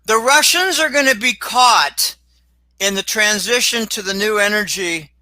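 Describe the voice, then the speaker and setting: Man, interview guest, high-pitched, very bright tone, rambling, animated, bursts of exclamation. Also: unhurried, no echo, poor audio. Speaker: guest commentator. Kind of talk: casual interview talk.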